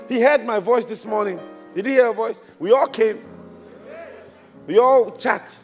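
A man from Ghana preaching a sermon as a bishop, swinging from quiet reflection to shouted exhortation with repeated rhetorical questions. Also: sits high, normal speed, pauses often. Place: large church auditorium. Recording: large church hall with long reverb, music behind.

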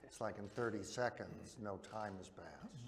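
A man on a press panel speaking in a dry, deadpan way. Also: on the low side, a little slow. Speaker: voice actor on a panel. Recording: long hall reverb, faint clicks.

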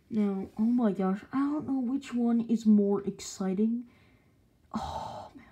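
A young woman chatting casually about her toy figures, gushing and excitable, sometimes dropping into whispers. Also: mid-range voice, slow pace, slightly rough. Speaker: toy collector vlogger. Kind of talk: casual unboxing chat.

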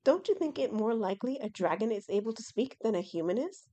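A woman's voice: on the high side, big pitch swings, brisk, mellow. A woman voicing a proud male dragon who speaks in a formal, condescending way about humans. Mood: lofty. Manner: formal, old-fashioned speech, condescending.

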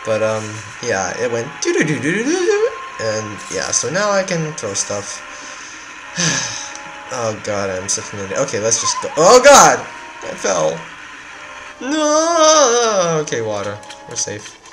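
A man giving casual, excitable, self-mocking commentary while he plays a video game. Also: medium pitch, slow pace, noisy background. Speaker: let's play gamer. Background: game music.

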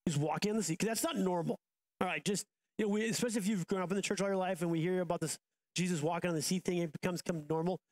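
A man's voice: sits high, very fast, a little mellow. Casual, chatty male pastor. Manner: casual and conversational, with many restarts and asides. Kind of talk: sermon. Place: church auditorium.

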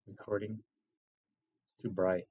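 A man's voice: fairly low pitch, flat delivery, a little slow, husky, narrow, tinny audio. A man hosting a home mic-test video, talking loosely and joking as he explains each step at his desk. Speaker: host testing microphones. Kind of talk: casual chat. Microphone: lavalier mic.

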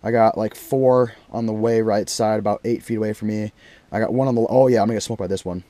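A young man vlogging as he ice fishes, giving an excited, slangy play-by-play and exclaiming loudly at each catch. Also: lowish voice, fast, dry recording. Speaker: fishing vlogger. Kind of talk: excited play-by-play while fishing. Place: ice fishing on a frozen lake in deep cold. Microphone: action camera.

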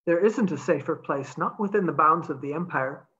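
A woman's voice: low-pitched, moderate pace, muffled recording. A woman reading as a stubborn soldier man. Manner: calm, stubborn.

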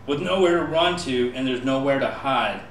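A man performing spoken-word poetry, building from quiet storytelling to impassioned pleading. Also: mid-range voice, moderate pace, a little hiss or hum. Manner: impassioned, rising to pleading shouts. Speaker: poet. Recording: echoey room from far off.

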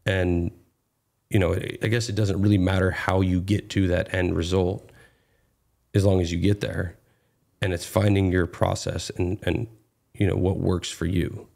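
A man's voice: sits low, flat delivery, measured pace, vocal fry, darkish tone. A man in his thirties, a guest actor, talking casually in an interview with many fillers and restarts.

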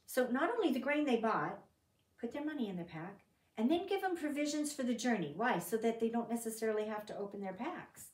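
A woman's voice: a little high, fairly quick. A woman leading a Bible study, reading scripture aloud and asking her group questions in a conversational way. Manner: reads scripture aloud with lively emphasis. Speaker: Bible teacher. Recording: echoey room, voice from a distance.

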